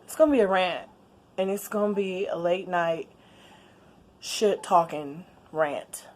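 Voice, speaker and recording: A woman, chatting casually in a late-night home vlog, laid-back with quiet asides. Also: medium pitch, normal speed. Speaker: vlogger. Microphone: camera on a stand.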